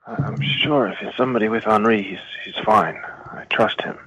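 A man's voice: fairly low pitch, moderate pace, fairly bright tone, low-quality recording. A man playing a tabletop horror game who speaks eagerly and in character. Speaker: player.

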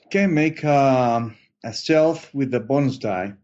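Man, game master, slow halting narration, lots of fillers, muffled lo-fi voice chat. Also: mid-range voice, darkish tone. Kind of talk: narrating a tabletop horror game. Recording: dull lo-fi online voice chat.

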